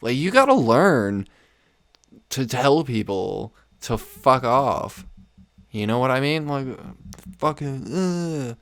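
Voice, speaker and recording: A man's voice: medium pitch, big pitch swings, slow pace, a bit bright, dry recording. A young man hosting a casual comedy podcast, ranting with lots of swearing and laughing at his own stories. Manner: profane, rambling, laughs often. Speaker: podcast host. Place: home room.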